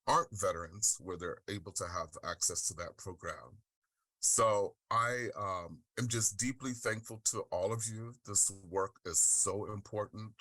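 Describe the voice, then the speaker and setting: A middle-aged man from the Deep South, speaking on a webinar panel and sharing his personal story in an earnest, heartfelt way. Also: pushed and bright, no echo. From Deep South of the United States. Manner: earnest, heartfelt, with frequent "um" and "right?". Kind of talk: personal testimony and presentation. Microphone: video call.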